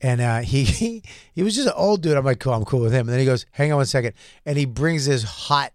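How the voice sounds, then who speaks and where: A man's voice: mid-range voice, expressive, quick pace, dry recording, clean studio sound. A male comedian guest on a talk show, telling crude jokes and stories in casual banter.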